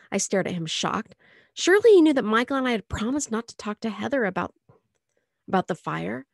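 A woman reading a novel aloud chapter by chapter in an expressive storytelling manner. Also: a little high, brisk, creaky, no room sound, clean studio sound. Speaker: audiobook reader.

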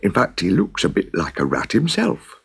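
A man's voice: sits low, huge pitch swings, normal speed, vocal fry, slightly rough, exaggerated voice. A man voicing a flustered, blustering town mayor who hems and stammers in a spoken storybook. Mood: indignant. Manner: dithering, hemming and stammering.

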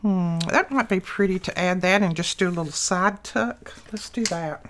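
A woman's voice: on the low side, moderate pace. An older woman hosting a crafting video, chatting casually and telling homey family stories as she works. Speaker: crafting channel host.

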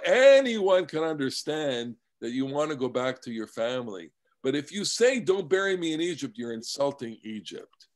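A man's voice: on the high side, expressive, moderate pace, few pauses. A male rabbi teaching a scripture class over a video call, explaining animatedly and often repeating words. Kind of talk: Torah lesson with discussion.

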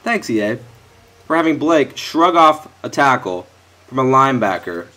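This gaming YouTuber, a young man, livens up his football game commentary with a very animated, bright, forceful mid-range voice at moderate speed. Frustrated, he swears at his players, mouth close to a headset or desk mic.

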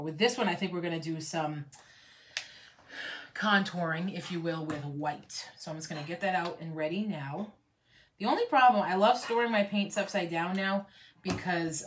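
A young woman chatting casually with viewers while she teaches a painting project, rambling with lots of fillers. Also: medium pitch. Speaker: craft painting instructor. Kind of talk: casual live painting tutorial.

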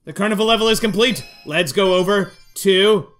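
A man giving excitable let's-play commentary during a boss fight, pleading with and taunting the enemy as he plays. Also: high-pitched, moderate pace. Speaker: gaming YouTuber. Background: game music.

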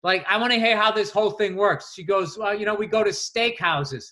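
A man co-hosting a podcast, telling animated stories in casual chat and swearing freely. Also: high voice, a little fast. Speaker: podcast co-host.

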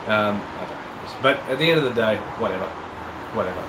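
A man's voice: fairly low pitch, animated, a little fast. Aussie male host, casual rambling chat, nasal with a cold; echoey room, audible aircon hum. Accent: Australian. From Australia. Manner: casual, chatty, rambling with fillers. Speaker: golf channel host. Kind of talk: live-stream chat reading viewer comments.

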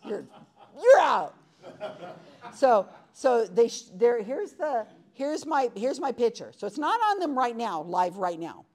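A woman's voice: on the high side, darkish tone. A woman leading an interactive workshop, talking conversationally and asking the audience questions in a room full of people. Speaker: workshop presenter.

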